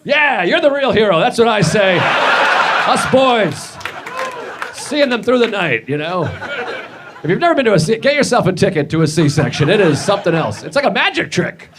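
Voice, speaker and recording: A male stand-up comedian with a high voice that jumps around as he rambles and mocks himself. He breaks into sudden shouted bits. The clip carries clear audience noise and clicks. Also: sing-song, normal speed. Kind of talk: stand-up set. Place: comedy stage.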